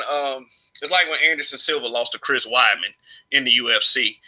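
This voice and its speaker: A man's voice: fairly high pitch, pushed and bright, low-quality recording. A man giving a rambling, casual opinion monologue for his online channel, full of restarts and chuckles. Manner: rambling, frequent restarts and laughs. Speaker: YouTube commentator.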